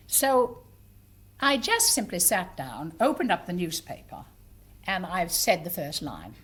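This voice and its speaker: An older woman, a stage entertainer and monologue writer, tells anecdotes to a live theatre audience. Her voice is lowish and a bit bright with a breathy edge, swinging widely in pitch at a slightly slow pace. She sounds chatty and amused, with small hesitations.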